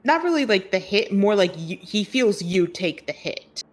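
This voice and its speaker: A woman narrating as game master of a tabletop game, relaxed, with lots of fillers and laughter between lines. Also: medium pitch, moderate pace.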